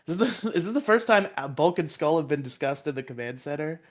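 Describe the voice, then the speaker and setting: A man's voice: on the high side, lively intonation, normal speed. A man co-hosting a podcast, recapping episodes casually, laughing often and acting out quotes in silly voices.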